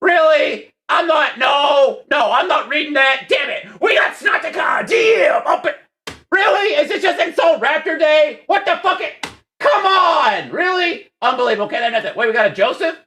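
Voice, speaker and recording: A man hosting a livestream, reading chat aloud with profane, exasperated banter and sudden shouting, tired from lack of sleep. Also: very high-pitched, expressive, moderate pace. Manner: bursts into shouting. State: short on sleep.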